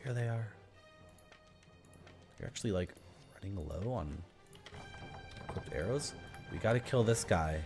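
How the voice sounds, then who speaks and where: A man's voice: fairly low pitch, animated, a little slow, pauses often, darkish tone, soft background music. A man in his thirties giving casual, rambling commentary as he streams a game, chatting to his viewers and laughing often.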